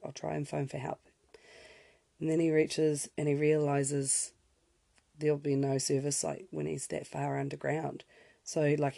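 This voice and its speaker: A young woman spinning a story in a loose, chatty way, full of fillers and little asides that pull her off track. Her voice has a gravelly fry and a mellow, warm color. It is recorded close and dry, with no room around it. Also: deep voice, no room sound. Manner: chatty, lots of fillers, self-interrupting asides. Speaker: podcast host. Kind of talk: casual storytelling.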